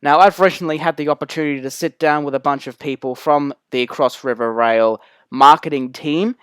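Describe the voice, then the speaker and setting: A man's voice: a little high, normal speed, a bit bright, clean tone, no echo. A man with an Australian accent hosts a rail enthusiast vlog, narrating with energy and repeating key phrases for emphasis. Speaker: rail enthusiast channel host.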